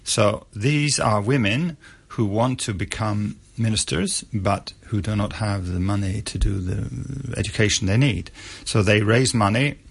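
A man giving measured radio interview answers, pausing often with fillers. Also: lowish voice, gravelly, husky. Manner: measured, with many pauses and uh fillers. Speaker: author interviewed about a historical figure.

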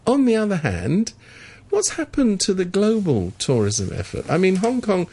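A man's voice: high-pitched, huge pitch swings, moderate pace, dark tone, breathy edge. A man co-hosting a radio talk show, chatting about politics in a sardonic, mocking way. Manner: sardonic, mocking, mimics officials. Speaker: radio co-host. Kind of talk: casual political chat on radio. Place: radio studio.

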